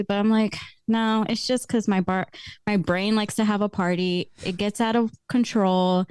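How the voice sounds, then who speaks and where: A young adult woman telling stories as a podcast guest in casual chat, lively and laughing often. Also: mid-range voice, normal speed, clean tone, dry recording.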